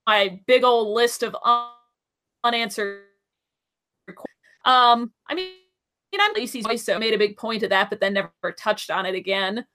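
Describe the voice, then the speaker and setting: A woman's voice: fairly high pitch, moderate pace, pushed and bright. A woman in casual podcast chat, chatty and asking many questions. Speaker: podcast co-host.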